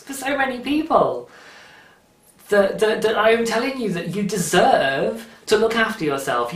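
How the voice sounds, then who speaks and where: A podcast host talking casually on their own, earnest and encouraging, often restarting sentences. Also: medium pitch. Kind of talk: casual solo podcast monologue. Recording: roomy, distant from the mic.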